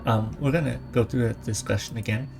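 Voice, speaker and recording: A man's voice: medium pitch, steady tone, brisk, gravelly, darkish tone, faint music behind. A man hosting a gaming channel, giving chatty, rambling let's-play commentary into a desk microphone.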